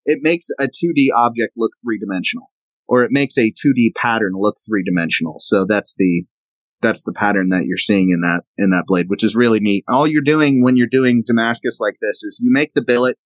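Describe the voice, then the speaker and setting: A man's voice: on the low side, a little fast, dry recording, low-quality recording. A man from the American South, a knife maker guest, explaining and showing his work in a casual interview. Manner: explanatory, demonstrating objects as he talks.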